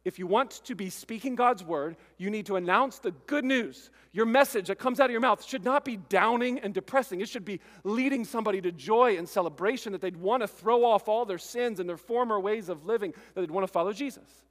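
A man preaching an animated sermon as pastor, acting out scenes and bursting into loud outbursts. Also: sits high, brisk, few pauses, big-room sound. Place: church hall.

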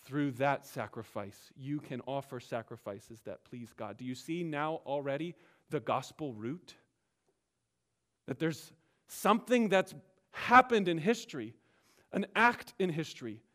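A man's voice: fairly high pitch, animated, unhurried, fairly bright tone. Emphatic preacher man. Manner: emphatic, explanatory preaching with rising and dropping delivery. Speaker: pastor. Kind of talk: sermon. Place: church sanctuary.

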